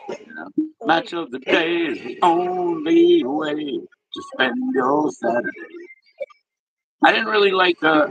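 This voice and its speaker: Gravelly laid-back man with music behind. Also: fairly high pitch, poor audio. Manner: laid-back, slangy and profane. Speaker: livestream host. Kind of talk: casual live chat with viewers. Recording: music playing in the background.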